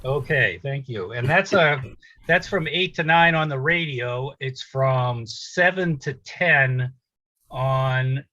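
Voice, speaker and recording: A man's voice: medium pitch, slow pace, bright, forceful tone, no echo, highs cut off. A musician chatting casually over a video call, introducing his song in a rambling way with lots of ums and uhs. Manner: rambling, filler-heavy. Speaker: musician performer. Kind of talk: casual chat.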